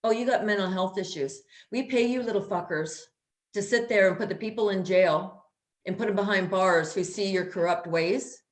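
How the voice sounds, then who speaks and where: A woman's voice: mid-range voice, moderate pace, reverberant. A woman co-hosting a casual chat who rants bluntly and swears freely. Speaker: co-host.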